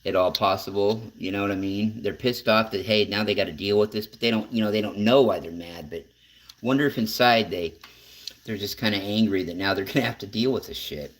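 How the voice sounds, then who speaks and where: In a casual interview chat, a man with a fairly quick, lowish voice hosts a talk show. His questions run long and rambling, restarting and drifting, with some swearing thrown in.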